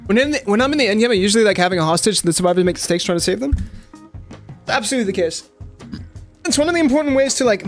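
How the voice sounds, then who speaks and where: Young adult streamer, casual gaming commentary, slangy, talks to chat, lively swooping pitch, faint music underneath. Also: rapid-fire, long pauses. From South Africa. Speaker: game streamer.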